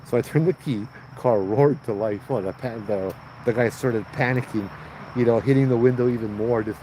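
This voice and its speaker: A man with a Hawaiian Pidgin accent hosting a livestream, telling a ghost story in a lively way and putting on high voices for the people in it. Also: normal speed, a little hiss or hum, poor audio. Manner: animated, acts out voices in high pitch. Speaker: host telling ghost stories.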